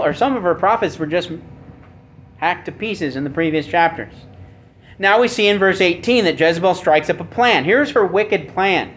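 A man preaching a sermon with emphasis, asking rhetorical questions and swinging between loud and soft. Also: high voice. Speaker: pastor.

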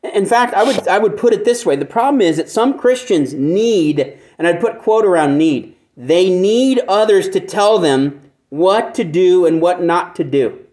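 Male pastor, fairly high voice, conversational sermon, rhetorical questions, repeats phrases for emphasis. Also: animated, a little slow, a little mellow. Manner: asks the listeners frequent rhetorical questions.

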